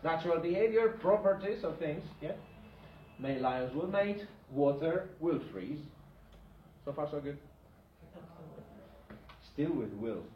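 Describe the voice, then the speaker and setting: A man teaching a grammar lesson in a classroom, with a slightly higher voice. He repeats his examples and keeps asking "yeah?" to check that his students follow. The room is echoey and the recording is distant and dull, with faint room sound behind him. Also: big pitch swings, slight background noise. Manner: repeats example sentences slowly. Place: classroom with a whiteboard. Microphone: far from the speaker.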